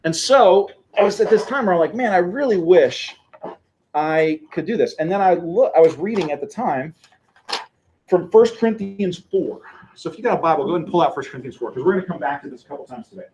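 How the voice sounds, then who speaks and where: Animated man lecturing in echoey room. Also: high-pitched, fast talker, slight background noise. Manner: conversational, animated, acts out quotes. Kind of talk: church teaching lecture. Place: lecture room with a live audience.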